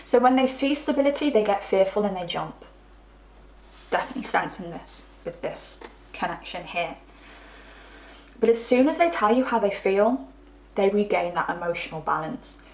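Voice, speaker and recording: Woman, tarot reader, middle pitch, chatty and rambling, roomy echo. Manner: chatty, rambling, trips over words. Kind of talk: pick-a-card tarot reading.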